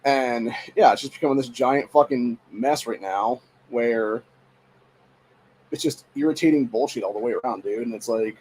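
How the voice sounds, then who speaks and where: A man's voice: medium pitch, normal speed, a little mellow, a little hiss or hum, low-quality recording. A man in his forties from Ohio, hosting a podcast and venting in a frustrated, profanity-filled rant. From Ohio, USA. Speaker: podcast host. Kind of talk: casual venting monologue.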